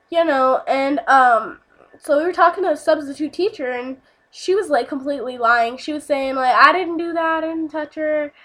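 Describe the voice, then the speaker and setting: A woman's voice: high-pitched, fairly bright tone. A young woman telling a casual storytime vlog, rambling with lots of fillers and swearing.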